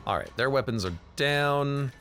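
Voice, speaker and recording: A man's voice: mid-range voice, lively intonation, unhurried, vocal fry, music in the background. A man streaming a video game. He reads the game text aloud and jokes about it in casual commentary.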